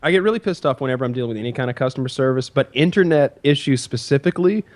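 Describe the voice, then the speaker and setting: A man on a podcast, telling a frustrated story in casual chat and acting out the quotes. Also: very fast. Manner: animated, acts out quotes with jumps in pitch. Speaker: podcast co-host.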